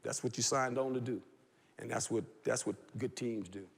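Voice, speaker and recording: Coach guy telling a story w/ a raspy husky voice, keeps laughing. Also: mid-range voice, normal speed. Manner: lively storyteller, laughs through his story. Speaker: football coach. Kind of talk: animated anecdote on a TV talk show. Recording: long hall reverb.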